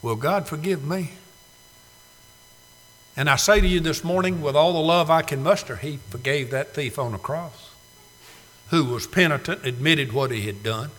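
Preacher in a reverberant church. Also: male voice, fairly high pitch. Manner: dramatic swings from loud to hushed, slow emphatic phrasing. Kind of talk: sermon. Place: church sanctuary. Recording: long hall reverb.

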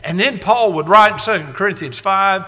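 A man in his sixties preaching a dramatic sermon, moving from hushed, slow passages to loud cries. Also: high voice. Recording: reverberant hall.

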